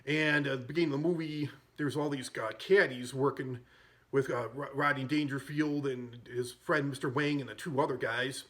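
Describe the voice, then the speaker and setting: A man's voice: medium pitch, steady tone, moderate pace, a bit bright. A man hosting a podcast, casually retelling film scenes in a rambling way and chuckling as he goes. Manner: rambling, chuckles at his own stories. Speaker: podcast host.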